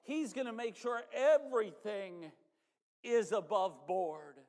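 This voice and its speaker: In a church sanctuary full of hall reverb, a pastor delivers a sermon directly to his congregation in a conversational, folksy manner. He comes from the northern United States, and his voice is high, slow-paced and a little mellow.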